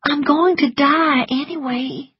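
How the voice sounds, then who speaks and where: A woman voicing a weak, gentle young woman in labor who pleads in a faint, breathy voice. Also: extremely high pitch, extremely slow, pitched above the performer's own voice, exaggerated voice. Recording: slightly muffled lo-fi, dry.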